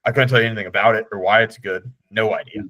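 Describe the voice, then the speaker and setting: A man's voice: lowish voice, fairly even intonation, quick pace, sharp tone, dry recording. A man co-hosting a podcast in casual chat, dropping dry, wry asides. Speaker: podcast co-host.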